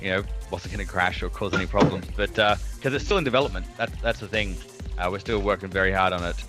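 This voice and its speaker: An Australian man, a game developer, chatting casually in a relaxed, rambling way with many fillers. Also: low-pitched, fast, loud music behind the voice. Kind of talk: casual chat.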